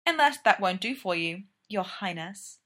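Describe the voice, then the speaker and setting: A woman's voice: a little high, animated, normal speed, fairly bright tone, voice pushed up. Woman reading as Taylor, wry young smuggler captain. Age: 20s.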